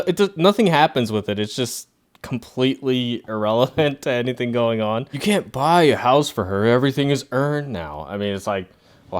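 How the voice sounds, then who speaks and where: Young male reviewer, smooth voice, mid pitch, chatty and sarcastic. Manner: chatty, laughs often, sarcastic asides. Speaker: comic book reviewer. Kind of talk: casual spoken review.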